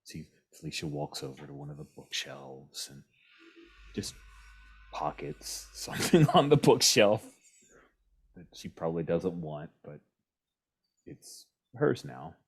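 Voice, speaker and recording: A man's voice: sits low, sing-song, unhurried, gravelly, pauses often, slightly rough. A man narrating as game master in a casual, rambling way.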